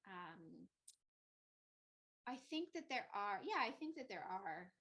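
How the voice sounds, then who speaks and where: A woman's voice: mid-range voice, big pitch swings, takes it slowly, fairly bright tone, dull audio. A woman guest on an online panel, talking thoughtfully with many ums and likes over a video call. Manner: thoughtful, many fillers and hedges. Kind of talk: casual online panel chat.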